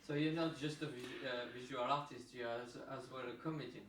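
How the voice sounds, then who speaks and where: A man's voice: medium pitch, steady tone, a little fast, fairly bright tone, poor audio. A man co-hosting an interview, putting in brief, curious questions. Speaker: co-host interviewer.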